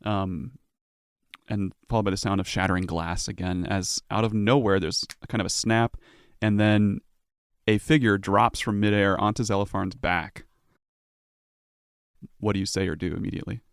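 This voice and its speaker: A man's voice: fairly low pitch, steady tone, moderate pace, long pauses, clear, resonant tone, no room sound, studio quality. A man running a tabletop game as game master, narrating the scene in a loose, descriptive way.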